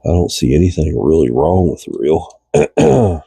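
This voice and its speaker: A man from the United States hosting a casual fishing reel repair tutorial in a cold garage, folksy and chatty, congested with a cold and often coughing and clearing his throat. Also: extremely low pitch, animated, normal speed, warm tone, no echo. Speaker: reel repair channel host.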